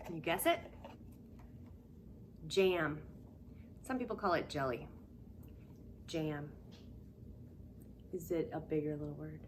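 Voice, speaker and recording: A woman teaching a remote preschool lesson, patient and sing-song, sometimes dropping to a hushed whisper to give clues. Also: low voice, animated, quick pace, few pauses, slight background noise. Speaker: daycare teacher.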